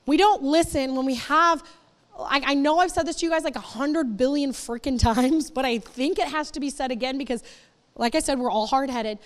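Woman, youth ministry speaker, high voice, emphatic, casual sermon, echoey hall. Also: moderate pace. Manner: emphatic, repeats herself, acts out quotes in high voices.

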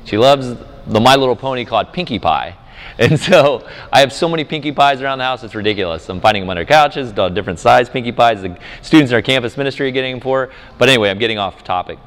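A campus minister speaking at a conference tells a family story within his sermon, talking at a quick pace in a mid-range voice. He's an animated storyteller who performs his small daughter's voice, and the hall's long reverb makes everything echo.

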